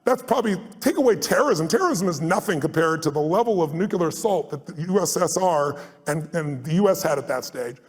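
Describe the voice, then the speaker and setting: Fast, high-voiced man booming through a hall. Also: animated, slightly rough. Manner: emphatic and blunt, swears for force, acts out anecdotes. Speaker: speaker and guest on a live stage tour. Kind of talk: motivational storytelling to a live audience. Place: large hall with a live audience. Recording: long hall reverb at a live event.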